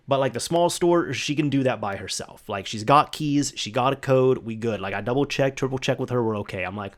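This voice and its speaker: A man's voice: medium pitch, a little fast, hardly any pauses. Chatty man telling a story. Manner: chatty, full of "like" and restarts, acts out quoted voices. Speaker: podcast host. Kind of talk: casual solo storytelling.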